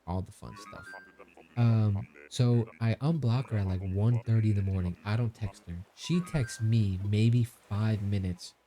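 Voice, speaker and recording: A young man streaming live, casually telling a story to his chat in an animated, incredulous way, breaking into laughter. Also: fairly low pitch.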